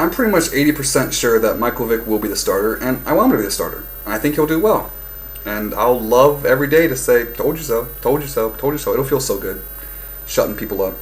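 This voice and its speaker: A young man ranting casually about football, heated and profane, swinging between loud outbursts and low muttering. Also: a little hiss or hum, poor audio. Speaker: fan vlogger. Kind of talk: casual sports rant.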